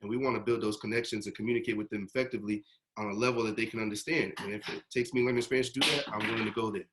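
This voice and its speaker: A man in his thirties with a Boston accent, co-hosting a casual live podcast and speaking in a measured, reflective way with "um" pauses. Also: on the low side, fairly even intonation, crowd noise. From United States. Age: 30s. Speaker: podcast co-host, educator.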